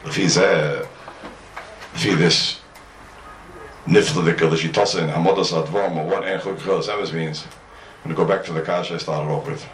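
A man's voice: deep voice, fairly even intonation, normal speed, long pauses, a little hiss or hum. A man teaching a Talmud class. He mixes English with Hebrew and Aramaic study terms and keeps firing rhetorical questions at his students. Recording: roomy echo, mic at a distance.

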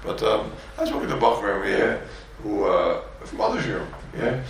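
A man's voice: lowish voice, very animated, moderate pace, gravelly, heavy reverb, recorded from a distance, background noise. A man from Borough Park giving a Torah class to yeshiva students, repeating words and acting out quotes, peppered with Yiddish and Hebrew terms. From Borough Park, New York. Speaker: rabbi teaching a yeshiva class.

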